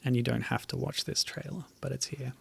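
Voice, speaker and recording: A man streaming and commenting on old web games, talking in a hesitant, halting way with many fillers and sometimes reading the game text aloud. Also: medium pitch, flat delivery, gravelly, breathy edge. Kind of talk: casual gameplay commentary.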